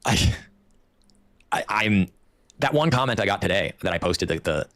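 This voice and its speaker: A man's voice: lowish voice, lively intonation, moderate pace, fairly bright tone, no room sound. A man speaking in a clip, complaining casually in a rambling way with many restarts.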